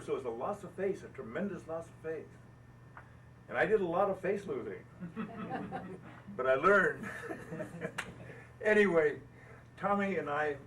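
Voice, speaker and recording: A man's voice: fairly high pitch, recorded from a distance, slight background noise, low-quality recording. An older American man telling folksy stories to an audience about building boats, laughing at himself as he goes. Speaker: boat builder speaking at an owners' gathering. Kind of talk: storytelling talk to an audience. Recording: faint ambience, speaker off the mic.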